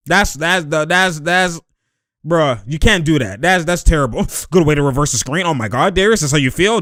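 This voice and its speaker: A young man talks over basketball highlights with loud, animated reactions and frequent bursts of laughter. His voice sits a little high for a man. The recording is dry and close, with no room sound. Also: no room sound. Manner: animated, laughs often, shouts at plays. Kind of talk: excited reaction commentary.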